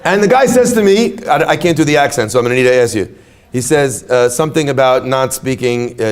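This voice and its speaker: At a retreat, a man with a medium-pitched, brisk voice gives an inspirational talk to an audience. He's an animated storyteller who tells stories and jokes with the crowd.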